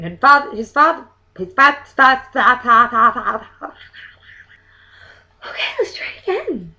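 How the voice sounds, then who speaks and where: Young woman, bright voice, lively swooping pitch, theatrical limerick reading, muttered asides. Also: unhurried. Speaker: vlogger. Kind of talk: casual vlog, reading limericks aloud.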